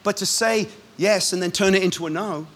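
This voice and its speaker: High-voiced man preaching a lively sermon. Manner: lively, punchy preaching with quick asides and laughs. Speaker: pastor.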